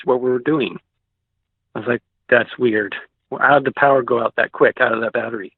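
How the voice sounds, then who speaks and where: A man's medium-pitched, steady voice with a breathy edge comes through briskly and without echo on a dry, tinny phone line. He speaks with a Pacific Northwest American accent as an interview show guest, rambling casually through the account of a sighting with many "likes" and restarts.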